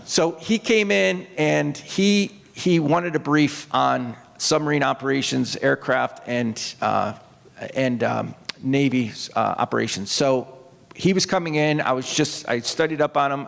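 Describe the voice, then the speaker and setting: Gravelly man telling stories in a hall. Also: medium pitch. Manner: rambling anecdotes with restarts and quoted voices. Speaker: author and retired Navy officer. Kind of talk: storytelling talk to an audience. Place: opera house stage. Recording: long hall reverb.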